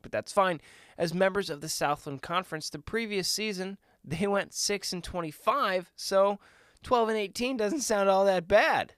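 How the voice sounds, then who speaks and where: A man's voice: medium pitch, fairly bright tone, no echo, studio quality. A man co-hosting a casual podcast, reading facts with wry joking asides. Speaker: co-host.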